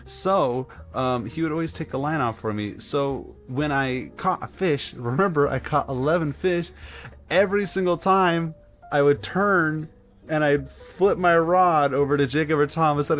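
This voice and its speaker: Bright-voiced rambling male streamer. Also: fairly high pitch, a little slow, faint music behind. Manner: rambling, animated storytelling with filler "like"s. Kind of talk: live-stream gameplay chat.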